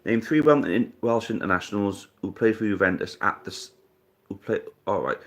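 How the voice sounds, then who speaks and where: A man with a very low voice runs a live online quiz and chats loosely with the players. He thinks out loud, curses lightly, and keeps calling everyone mate. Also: animated, normal speed. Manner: thinks aloud, swears casually, calls people mate. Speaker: live-stream quiz host. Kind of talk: casual live-stream chat.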